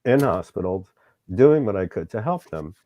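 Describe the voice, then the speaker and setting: A man's voice: on the low side, animated, moderate pace, dry recording, highs cut off. A middle-aged man, host of the show, candidly recounting a personal story in an interview and acting out the dialogue, sometimes getting emotional.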